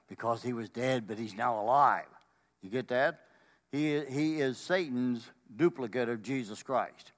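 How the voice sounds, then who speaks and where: A man's voice: mid-range voice, normal speed. A man preaching a sermon with emphatic delivery. He often asks rhetorical questions and repeats words. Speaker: pastor.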